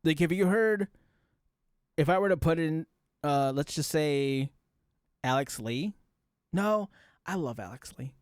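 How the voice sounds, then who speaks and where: A man's voice: fairly high pitch, lively intonation, slow pace, long pauses, smooth, no echo, studio quality. A man streaming a casual reaction commentary, rambling and talking straight to his chat while demonstrating voice tricks.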